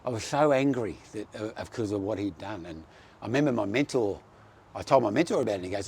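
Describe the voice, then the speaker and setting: Gravelly man sharing a heartfelt testimony. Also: lowish voice, lively intonation, brisk, pauses often, a little mellow, a little hiss or hum. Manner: earnest, heartfelt storytelling. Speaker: person giving a testimony. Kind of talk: personal faith testimony.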